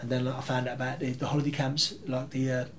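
A man, telling rambling, animated anecdotes as an interview guest. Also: medium pitch, fast talker, a little hiss or hum. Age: 30s. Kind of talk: casual interview storytelling.

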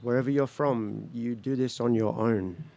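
A man from Australia giving a personal spoken-word talk at a gathering, reflective and slow, breaking into laughter between phrases. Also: medium pitch, steady tone, vocal fry, warm tone. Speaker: speaker at a gathering.

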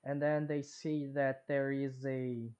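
A man co-hosting a podcast who retells events in slow, drawn-out phrases. His tone is casual and chatty. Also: medium pitch, level tone, a little mellow, dull audio. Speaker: podcast co-host. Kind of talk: casual chat.

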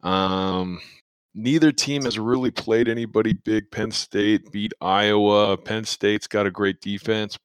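A man's voice: lowish voice, steady tone, measured pace, smooth, no room sound. A man co-hosting a casual sports betting podcast, joking and rambling with fillers. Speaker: podcast co-host.

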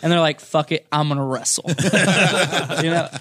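A man's voice: on the high side, normal speed, clear, resonant tone. Laughing young man telling a rowdy story. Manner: laughing often, profane, animated. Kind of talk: casual storytelling.

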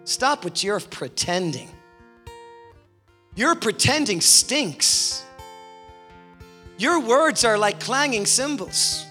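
Impassioned high-voiced man preaching in a hall. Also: expressive, slow, pauses often. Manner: impassioned, rising to shouts, acting out voices in parables. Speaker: guest preacher. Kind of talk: sermon. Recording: long hall reverb with faint guitar behind.

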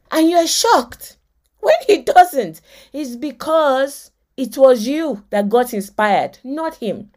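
A woman with a Nigerian accent hosting a motivational podcast, telling lively stories, acting out the people in them, and quoting scripture like a preacher. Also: fairly high pitch. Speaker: podcast host.

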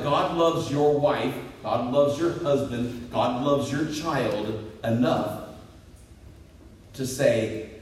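A man in his fifties preaching a sermon as pastor, telling jokes on himself in a lively, swooping voice. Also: slight background noise. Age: 50s. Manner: lively, self-deprecating storytelling with swooping pitch. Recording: echoey hall picked up from a distance.

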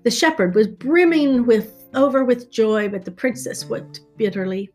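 A woman reading a fairy tale aloud in a measured, expressive storytelling style. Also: on the high side. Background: soft guitar music.

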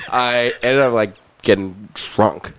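A man's voice: medium pitch, slow, smooth. A young man telling a story in casual chat, laughing often and swearing freely. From New Zealand. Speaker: podcast guest, musician.

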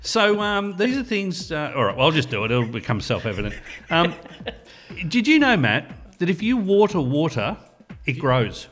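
A man's voice: fairly high pitch, moderate pace. A man co-hosting a radio show, playful and jokey. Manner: playful, jokey, lively delivery. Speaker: radio co-host. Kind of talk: casual radio banter.

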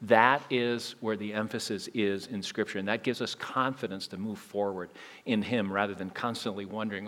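A man preaching a sermon in a conversational way, with frequent restarts and big swings between loud emphasis and quiet asides. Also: fairly low pitch, animated, moderate pace. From United States. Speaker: pastor.

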